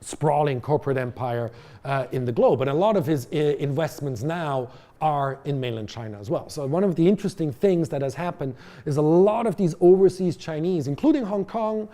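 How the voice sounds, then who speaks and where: In a lecture hall, a man gives a conversational college lecture with fillers and restarts, sometimes putting questions directly to the audience. His voice is on the high side, animated, mellow, and a little fast.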